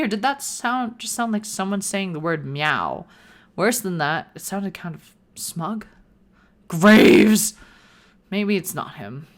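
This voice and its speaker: A woman's voice: lowish voice, fairly bright tone. A woman reading a visual novel aloud in the first person, with playful asides of her own. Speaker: gaming video creator.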